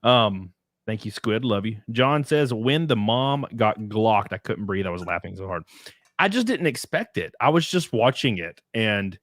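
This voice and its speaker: A man's voice: lowish voice, animated, a little slow, fairly bright tone, no room sound, studio quality. Laid-back man hosting a podcast. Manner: laid-back, swears casually. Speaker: podcast host. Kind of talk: casual podcast chat, reading viewer comments.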